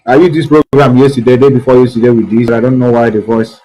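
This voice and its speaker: A man's voice: mid-range voice, level tone, quick pace, warm tone, low-quality recording. A man hosting a live online talk show, repeating himself and fussing as he tries to reach callers. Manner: repetitive, fussing over technical trouble. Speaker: host.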